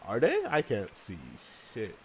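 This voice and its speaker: Gaming host, male, rambling and laughing, animated pitch, faint room noise behind. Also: unhurried, low-quality recording. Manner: chatty, rambling, swears, laughs often. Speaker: let's play host. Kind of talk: casual gaming commentary. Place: home room with large windows.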